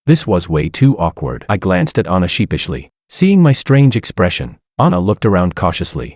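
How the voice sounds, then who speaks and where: A young man narrating a first-person story in an even, steady reading. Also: sits low, moderate pace, few pauses, no room sound, clean studio sound.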